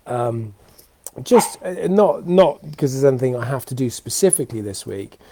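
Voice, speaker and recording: A man's voice: mid-range voice, mellow. Worn-out man rambling live from home. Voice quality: tired, rambling with many fillers and restarts. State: exhausted. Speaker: host of a weekly live show. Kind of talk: unscripted live-stream chat. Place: home, indoors. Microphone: webcam or computer mic for a live video.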